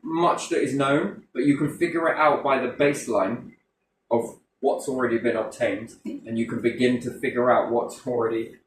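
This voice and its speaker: A man's voice: medium pitch, steady tone, normal speed, soft background music. Sweary rambling man. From Britain. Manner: swears heavily, rambling, full of rhetorical questions. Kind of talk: casual conversational rant. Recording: roomy echo from a distant mic.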